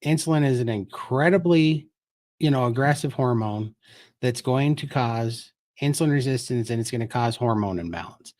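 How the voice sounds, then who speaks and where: A man's voice: mid-range voice, normal speed, a little mellow. Guy guesting on a live stream, earnest, explains stuff step by step, mid voice. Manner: earnest, explanatory, tells his story.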